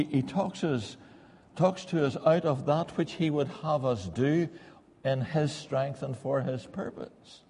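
Middle-aged preacher in an echoing church. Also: male voice, mid-range voice, a little mellow, husky. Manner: earnest, repeats lines for emphasis. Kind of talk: sermon.

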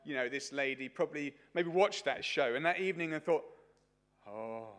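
A man's voice: on the high side, fairly quick, fairly bright tone. A man preaching a sermon at a church service, telling a story in a chatty way with many fillers.

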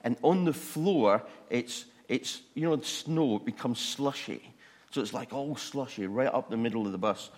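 A man telling a funny personal testimony in a sermon, animated and self-mocking. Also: mid-range voice, moderate pace, big-room sound. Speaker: preacher.

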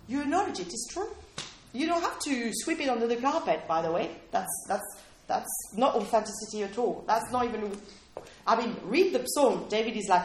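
A woman delivers a sermon in a high, light voice, talking to her listeners like a conversation and often asking whether they follow. The sound has a roomy echo with faint background noise. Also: lively intonation, moderate pace. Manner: conversational, keeps checking in with "okay?" and questions to listeners. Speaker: preacher. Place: room with a small responding audience.

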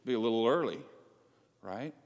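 A man preaching a sermon as pastor, conversational and animated, asking the congregation questions. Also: medium pitch, normal speed, lo-fi sound. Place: church sanctuary. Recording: long church reverb.

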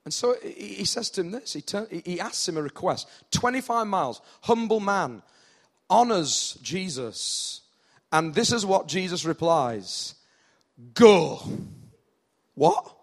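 A man with a northern English accent preaching a sermon, animated, acting out the people in the story with rising intensity. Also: high voice, unhurried. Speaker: pastor.

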